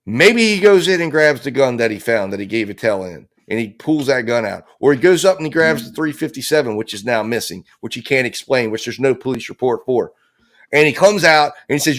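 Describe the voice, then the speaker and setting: A man's voice: mid-range voice, animated, a little fast, fairly bright tone. Impassioned man theorizing on a live stream. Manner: impassioned, theorizing, acts out quoted lines. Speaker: true-crime trial commentator.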